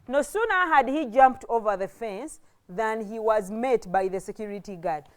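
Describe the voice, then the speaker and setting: A woman's voice: a little high, expressive, normal speed. A woman with a Ugandan English accent teaching a classroom grammar lesson, explaining step by step and asking rhetorical questions.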